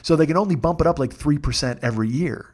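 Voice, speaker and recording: A man's voice: fairly high pitch, fast talker, darkish tone. A middle-aged man hosting a comedy podcast, ranting through a long profane story with self-mocking asides.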